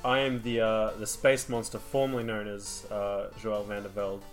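A man's voice: on the low side, flat delivery, moderate pace, soft background music. A man co-hosting a podcast, joking in a silly, laid-back way in casual chat. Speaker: podcast co-host.

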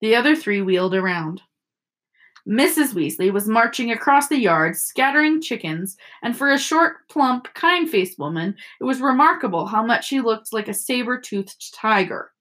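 A woman teacher reading a novel aloud to children, expressive and storytelling. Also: fairly high pitch, normal speed. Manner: expressive storytelling with character voices.

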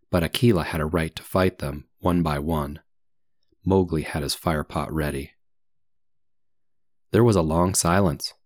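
A man reads a story aloud for English learners, slowly and deliberately, pausing for comprehension questions. His voice is very low and recorded close and dry, with no room sound. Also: dry recording. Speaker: English teacher.

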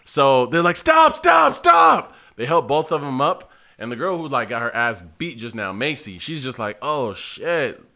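A man's voice: mid-range voice, a little fast, hardly any pauses. A young man casually telling a funny story to friends, laughing and acting out the people in it. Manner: animated, laughing, acts out voices of people in the story. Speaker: podcast host telling a story.

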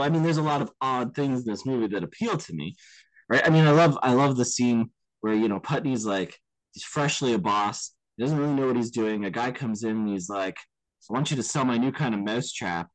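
A man co-hosting a podcast, talking casually about films in an animated way and often checking in with his listener. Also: medium pitch, normal speed, no echo, low-quality recording. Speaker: podcast co-host. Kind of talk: casual film discussion.

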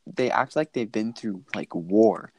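A man's voice: lowish voice, unhurried, a crowd in the background. A young man hosting a podcast in casual chat, laid-back and agreeable, swearing often. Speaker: podcast host.

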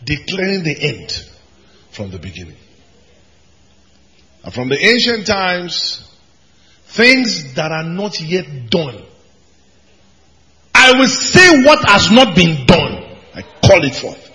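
A pastor delivers an emphatic sermon, his voice leaping between high shouted declarations and quieter low asides. His tone is bright and ringing. The sound carries a long reverb, as in a large church hall. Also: sing-song, slow, pauses often.

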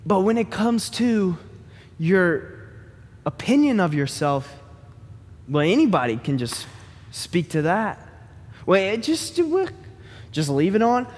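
A man preaching a sermon as pastor, in an animated, joking, conversational way. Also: high-pitched, slow pace, pauses often, in a large hall.

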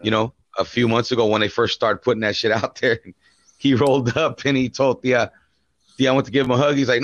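A man's voice: mid-range voice, flat delivery, a little fast, no room sound, highs cut off. A man co-hosting a podcast, telling stories in casual chat and swearing often. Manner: storytelling, profane, says "bro" often. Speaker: podcast co-host.

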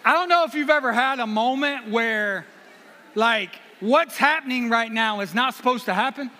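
In a hall full of long reverb, a South Carolina man delivers a guest sermon at a moderate pace, his very high voice bright and forceful. He shares sincere personal stories and pokes fun at himself along the way.

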